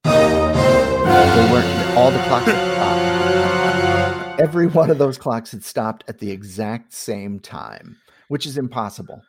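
A middle-aged man casually telling a spooky family story on a podcast, animated and full of fillers. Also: medium pitch, slow, husky, faint music behind. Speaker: guest storyteller.

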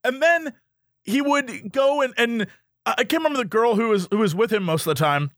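A man co-hosting a podcast in casual chat, animated, acting out quotes in different voices. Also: extremely high pitch, a little fast, no echo, clean studio sound. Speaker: podcast co-host.

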